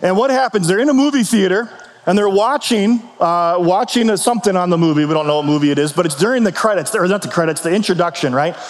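Speaking quickly, this pastor preaches in an easygoing, conversational way, asking rhetorical questions and circling back over what he's said. His voice sits fairly high for a man, and the audio echoes with a long, hall-like reverb.

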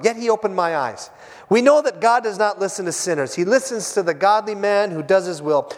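Animated high-voiced male preacher, echoey hall. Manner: animated storytelling, acting out voices, repeats and restarts. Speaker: pastor. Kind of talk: sermon. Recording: echoey hall with long reverb.

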